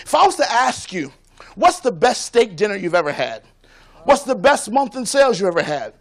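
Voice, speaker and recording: A man from Florida giving an energetic motivational keynote on stage. He talks in a rhythmic, preacher-like cadence and keeps calling for responses from the audience. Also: sits high, moderate pace, gravelly. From Tampa, Florida. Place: conference stage before a live audience.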